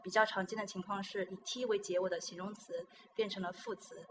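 A woman's voice: mid-range voice, fairly even intonation, a little fast, background noise. A woman with a Chinese accent, a native Chinese speaker, teaching English pronunciation and repeating words after a guest to check them. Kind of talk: bilingual pronunciation lesson.

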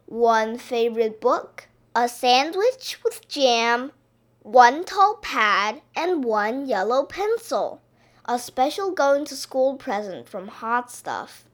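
A woman reading a children's picture book aloud in an expressive, drawn-out way. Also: on the high side.

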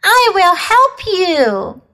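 A woman's voice: very high-pitched, sing-song, very slow, voice pushed up, heavily acted. A woman doing an eager, caring young child in a storybook. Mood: caring, scolding. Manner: bright, eager, bilingual repeats. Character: caring young child looking after a pet tiger.

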